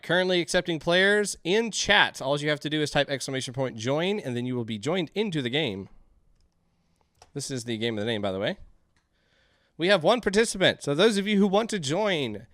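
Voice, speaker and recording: A man's voice: mid-range voice, a bit bright, dry recording. Dry-voiced man streaming a game. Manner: chatty, reads game text aloud, jokes with chat. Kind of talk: casual game commentary and reading on-screen text.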